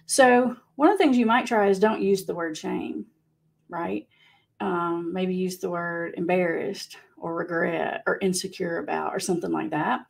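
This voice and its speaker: A woman's voice: lowish voice, normal speed, vocal fry. A woman with a Southern US accent hosting a casual live chat, laughing often and reading out viewer comments. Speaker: livestream host.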